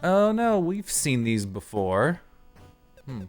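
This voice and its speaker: A male streamer talks over a game with a lively voice that jumps up and down in pitch as he rambles and laughs. Faint game music plays underneath his casual live-stream chatter. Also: normal speed. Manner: excitable, rambling, laughs often.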